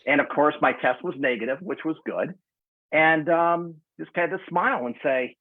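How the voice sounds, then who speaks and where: A man's voice: fairly high pitch, normal speed, dry recording. A man in his sixties chatting enthusiastically on a video call and telling stories in a casual way. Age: 60s. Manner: enthusiastic storytelling. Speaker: community member. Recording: tinny phone-like audio.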